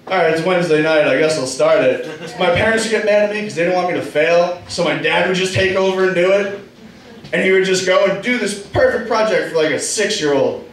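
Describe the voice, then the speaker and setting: A young man tells loose, profane, self-mocking stories in a stand-up set, his voice sitting high for a man. He sounds far from the recorder in a very echoey room. An audience laughs loudly around him. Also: a little hiss or hum. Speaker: stand-up comic. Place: small comedy club stage.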